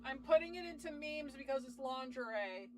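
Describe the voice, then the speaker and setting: A young woman streamer telling stories in a casual chat, animated, swearing often and laughing between lines. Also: high-pitched, moderate pace.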